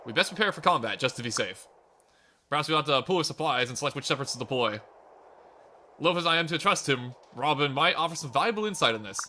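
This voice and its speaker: A man voicing a steadfast, loyal male knight in his own voice, with formal, measured wording. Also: fairly high pitch, animated, pushed and bright, slight background noise, voice pushed down. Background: game music.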